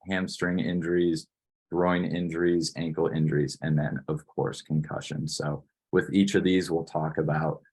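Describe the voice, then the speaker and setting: A strength coach in his twenties from Wisconsin, USA, gives a steady, instructional online presentation sprinkled with plenty of "you know" fillers. He has a low voice.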